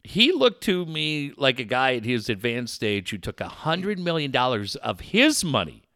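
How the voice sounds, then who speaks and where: A middle-aged man hosting a sports talk radio show, telling a rambling, animated story with many restarts. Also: medium pitch, moderate pace, no echo, studio quality. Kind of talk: casual talk radio chat.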